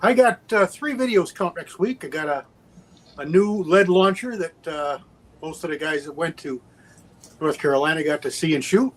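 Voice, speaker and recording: Man, fairly high voice, matter-of-fact, casual live-stream update. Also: lively intonation, normal speed. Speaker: co-host of a shooting livestream.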